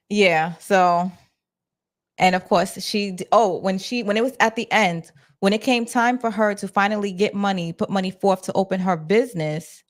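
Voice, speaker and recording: With long pauses, a measured pace and fairly even intonation, a New York-accented woman chats in a mid-range voice on a livestream from her office. She casually talks to her chat, using fillers and restarting sentences.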